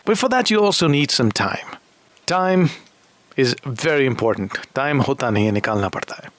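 Lively chatty male radio host. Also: medium pitch, fairly quick. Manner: laughs often, chatty and teasing. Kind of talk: casual radio talk show chat.

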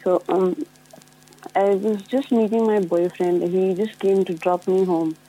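A woman calling into a radio show just after waking up, speaking in a drowsy, halting, soft way. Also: medium pitch, fairly even intonation, breathy edge, low-quality recording. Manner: drowsy, halting and soft-spoken, laughing shyly. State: just woken up. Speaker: caller.

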